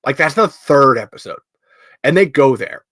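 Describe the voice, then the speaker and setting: A man's voice: medium pitch, animated, moderate pace, fairly bright tone, dry recording. Guy rambling on his podcast, mid voice, dry close mic, lots of ums. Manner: rambling, with lots of fillers, restarts and laughter. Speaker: podcast host. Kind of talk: casual chat.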